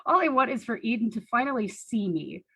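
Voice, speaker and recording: Young woman, husky, dry close sound, deadpan diary reading with wry asides. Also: fairly high pitch, fairly quick, dry recording, low-quality recording. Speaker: storyteller reading her teenage diary on stage. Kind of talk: comic reading of childhood diary.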